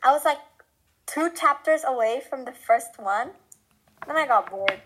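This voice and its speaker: A woman's voice: high-pitched, animated, a little slow, fairly bright tone, slightly rough, poor audio. A teenage girl chatting eagerly on a video call, full of likes and you-knows. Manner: enthusiastic, filler-heavy. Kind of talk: casual video-call chat.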